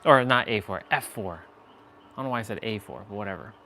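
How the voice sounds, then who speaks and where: A man's voice: lowish voice, expressive, quick pace, bright, forceful tone, faint music behind. A man chatting casually on a live gaming stream, playful and muttering to himself as he plays. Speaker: livestream gamer.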